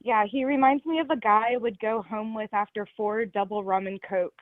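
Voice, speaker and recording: A woman calling in to a livestream to deliver a deadpan, hesitant roast. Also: mid-range voice, moderate pace. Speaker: caller. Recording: tinny phone line.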